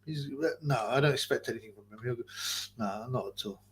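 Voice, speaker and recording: A man's voice: mid-range voice, brisk. A middle-aged man hosting a boxing livestream, rambling and swearing through loose, casual stories. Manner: rambling, profane, loose storytelling.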